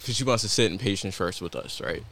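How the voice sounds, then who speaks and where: A man's voice: fairly low pitch, fast. A young man co-hosting a podcast, telling stories in a casual, laughing way and acting out what others said. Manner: animated storyteller, laughs often, acts out quotes. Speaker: podcast co-host. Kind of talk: casual chat, storytelling.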